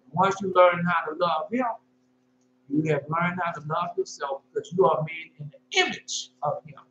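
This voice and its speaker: A man, teaching scripture informally, reading verses slowly and then explaining them in loose casual talk. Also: on the high side, lively intonation, pushed and bright. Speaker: preacher. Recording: roomy, dull lo-fi sound with faint hum.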